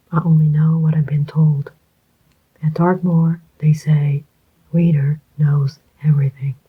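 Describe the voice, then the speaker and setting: A reader voicing a cool, steady male ex-convict in a whispered role-play, deliberate and clipped. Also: mid-range voice, husky. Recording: dull lo-fi recording.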